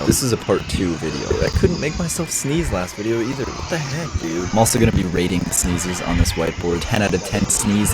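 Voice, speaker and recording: A young man hosting a casual reaction video, goofy and quick to exclaim in surprise and disgust. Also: low-pitched, rough recording.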